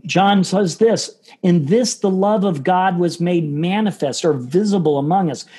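A man's voice: high voice, unhurried, dark tone, slightly rough. A man preaching a sermon as pastor, earnest and repeating key phrases to stress them. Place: church.

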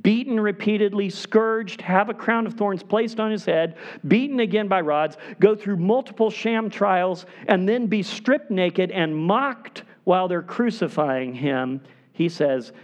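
A man preaching a sermon as a pastor, with emphatic delivery that falls to hushed, quiet stretches for emphasis. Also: high-pitched, measured pace, highs cut off.

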